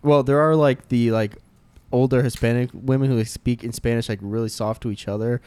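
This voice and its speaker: A man's voice: mid-range voice, fairly even intonation, brisk, a little mellow, clean tone, no echo. A young man chatting casually, rambling through stories and filling his speech with likes. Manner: rambling storyteller, lots of "like". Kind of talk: casual chat.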